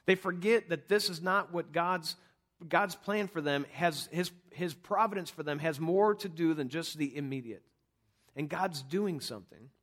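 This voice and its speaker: A middle-aged man with a slightly higher voice preaches a sermon in a loose, conversational way. He breaks into little acted-out voices for the people in the story and keeps it animated. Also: moderate pace. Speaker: pastor.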